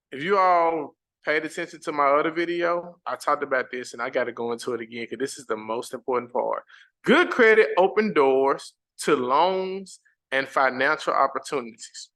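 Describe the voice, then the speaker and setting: A man with a bright, somewhat high voice teaches a live-stream lesson. He reads his slides aloud, chats casually with viewers and repeats the important points with emphasis. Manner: casual, chatty asides to the audience. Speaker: credit repair educator.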